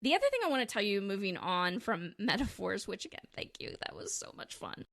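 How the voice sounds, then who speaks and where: A woman's voice: medium pitch, very animated, brisk, gravelly, fairly bright tone, dry recording. A woman hosting a dating advice podcast, talking in a casual, playful way and often breaking into giggles. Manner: playful, self-amused humor.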